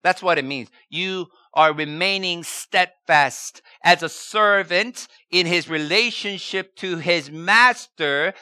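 A male pastor delivers a sermon at an unhurried pace, his voice bright and forward. He keeps posing rhetorical questions and hammers key words again and again. The sound is close and dry. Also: high voice, smooth, no room sound.

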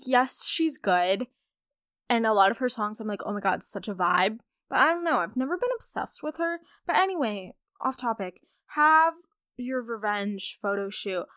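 A woman's voice: fairly high pitch, a bit bright, no echo, studio quality. A young woman from the United States hosting a podcast in casual chat, bubbly and chatty with lots of filler. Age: young adult. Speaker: podcast host.

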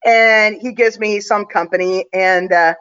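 Confident, chatty woman spinning a story as a guest, medium pitch, a little muffled. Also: steady tone, unhurried, a bit bright, clean tone. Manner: chatty, confident, full of fillers. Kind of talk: casual storytelling.

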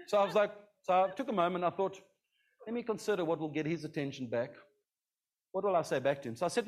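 Male pastor, middle-aged, high voice, chatty sermon style that keeps asking "okay?". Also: animated, quick pace. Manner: conversational, repeats "okay?" to the congregation.

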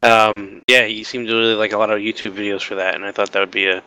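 A man's voice: on the low side, flat delivery, fast, sharp tone, slight background noise, poor audio. A father talking in casual chat, hesitant and full of fillers. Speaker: parent.

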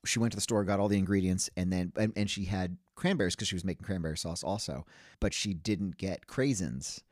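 A man's voice: sits low, brisk, dry recording, studio quality. A man co-hosting a podcast, chatting in an easygoing way, often restarting words and giving short encouraging replies. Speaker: podcast co-host. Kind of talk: casual chat.

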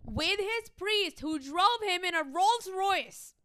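A woman with a high, bright voice joins a casual comedic chat as a guest. She teases the hosts and tells stories in a quick, lively way. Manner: quick, teasing, storytelling. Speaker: podcast guest.

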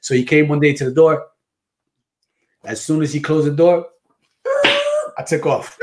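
A guest imam from New Jersey chats casually on a podcast, telling animated stories and often asking "you know what I mean." His voice is a little high, at normal speed, with frequent pauses.

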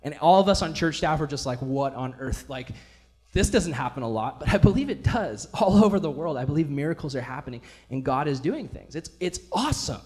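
A male pastor preaches in a loose, conversational way, full of enthusiasm and everyday filler words. His voice sits a bit higher than most men's, and he keeps the tone friendly and informal in a church. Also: expressive, fairly quick, darkish tone. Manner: casual, enthusiastic, many fillers like "like". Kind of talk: casual sermon.

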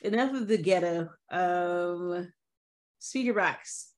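A woman's voice: fairly low pitch, slow. A woman co-hosting a podcast in casual chat, candid and blunt, swearing freely. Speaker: podcast co-host.

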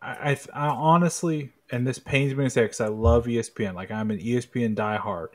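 A man from Kentucky co-hosting a podcast, talking sports in a relaxed, joking way and laughing easily. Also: medium pitch, fairly quick. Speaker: podcast co-host. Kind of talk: casual sports chat.

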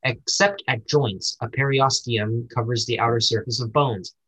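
Husky young man reading a textbook. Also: medium pitch, a bit bright, poor audio. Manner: reads fast, stumbles on terms, adds joking asides. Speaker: student reading a textbook aloud. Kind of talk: casual study-session reading.

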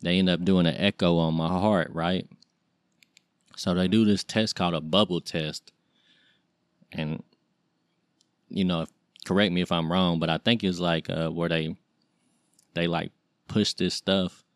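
A man in his late thirties talks through his own story in a very deep voice. His delivery is loose and rambling, full of slang and fillers, and his pitch barely moves. The recording is dry and close, with no room sound. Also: steady tone, a little slow, long pauses, no room sound. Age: 30s. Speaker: podcast host. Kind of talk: casual personal storytelling.

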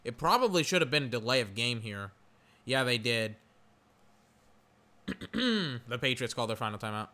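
Young male podcast host, bright tone, loose play-by-play with fillers and frustrated outbursts. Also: mid-range voice, sing-song, moderate pace, long pauses. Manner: gets loud and frustrated at plays, rambling with fillers. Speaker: podcast host doing game commentary. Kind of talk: casual live football commentary.

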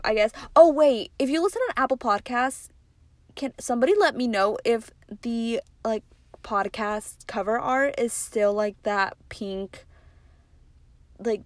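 A woman's voice: a little high, no room sound. Chatty young woman podcaster, dry sound. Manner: chatty, rambling, lots of "like" fillers. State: losing her voice. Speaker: podcast host. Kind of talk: casual solo podcast recap.

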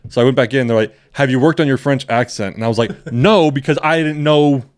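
A man's voice: medium pitch, quick pace, darkish tone. A young man co-hosting a podcast, telling long rambling stories in casual chat and laughing often. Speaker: podcast co-host.

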